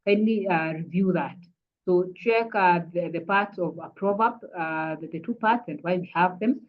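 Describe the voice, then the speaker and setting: A woman with a Kenyan accent teaching an online English revision lesson, patient and repetitive, often saying "kindly" and pausing with "uh". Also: fairly low pitch, narrow, tinny audio. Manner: patient, repeats "kindly", frequent "uh" fillers.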